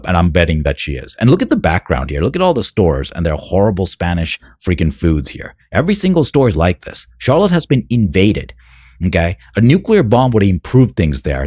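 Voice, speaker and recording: A man's voice: low-pitched, very animated, brisk, darkish tone, slightly rough, no echo, studio quality. A man giving scornful commentary over news clips, talking back at the people on screen. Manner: sneering, scornful, talks back at the clip. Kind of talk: mocking video commentary.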